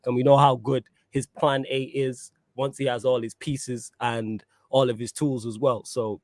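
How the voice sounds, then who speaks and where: Relaxed man host, mid pitch, dry recording. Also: no echo. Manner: laid-back, laughs often, reads viewer comments. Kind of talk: casual football chat with live chat.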